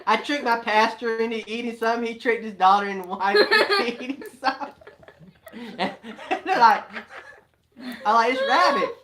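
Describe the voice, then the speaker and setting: Animated man telling family stories. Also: very high voice, measured pace, heavy background noise. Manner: animated, laughing storyteller. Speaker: family homesteader, co-host. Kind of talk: casual storytelling chat.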